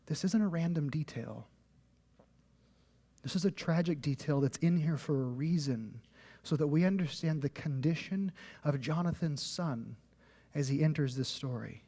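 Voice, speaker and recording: A pastor preaches a sermon in a large church sanctuary, his voice fairly high and dark in tone at a normal pace. Casual and emphatic, he says "like" often and leads the congregation in call-and-response.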